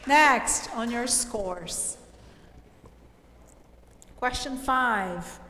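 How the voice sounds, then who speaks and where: A high-pitched woman teaches an English review, speaking slowly and patiently. She encourages her students between explanations. Her voice rings in an echoey room with a long reverb tail. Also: a bit bright. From Brazil. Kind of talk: online class quiz review.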